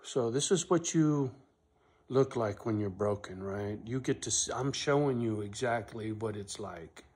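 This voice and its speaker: Talking to camera on his rural land, this vlogger has a lowish, slightly rough voice and a slow, measured delivery broken by pauses. He's blunt and profane in an emotional personal vlog, often tacking on "right?", his voice rising loud when angry, then sinking soft and quiet.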